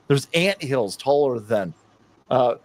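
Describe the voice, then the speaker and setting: A man's voice: medium pitch, lively intonation, takes it slowly. A man in his fifties doing sarcastic reaction commentary on a stream, mocking, ranting and laughing often. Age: 50s.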